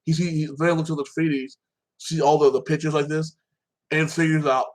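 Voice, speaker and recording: A man's voice: on the high side, little pitch movement, fairly quick, rough recording. A man talking alone in a casual, rambling recap of a movie, full of fillers and restarts, swearing freely. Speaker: vlogger.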